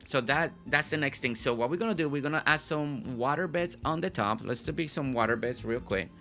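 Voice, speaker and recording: A man's voice: medium pitch, fairly quick, bright, forceful tone, soft background music. A man hosting a live game stream, chatting casually with viewers, often repeating and restarting his phrases.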